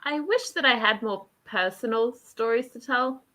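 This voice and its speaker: Australian actress guest, young woman, bubbly, laughs mid-sentence, pitched fairly high. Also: animated, normal speed, bright, forceful tone. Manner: bubbly, laughs through her words. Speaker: theatre actor guest. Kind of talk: casual chat.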